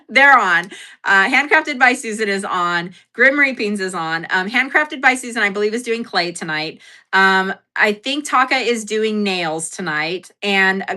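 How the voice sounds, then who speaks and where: A woman's voice: mid-range voice, sharp tone. A woman hosting a casual livestream sale, chatting in a rambling, giggly, self-deprecating way with lots of fillers. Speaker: livestream seller host.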